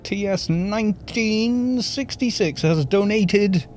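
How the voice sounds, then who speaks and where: A man's voice: sits high, takes it slowly, faint music behind. Welsh man casually streaming a game. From Wales. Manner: relaxed, explains game tactics to chat.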